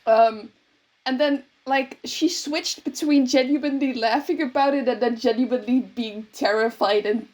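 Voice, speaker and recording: A woman's voice: sits high, darkish tone. A young woman recounting an event casually, chuckling through her account. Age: young adult.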